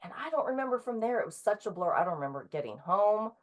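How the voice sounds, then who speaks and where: A woman in her thirties, a guest author talking casually in an interview, halting with frequent ums and restarts. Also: mid-range voice, sing-song, dull audio.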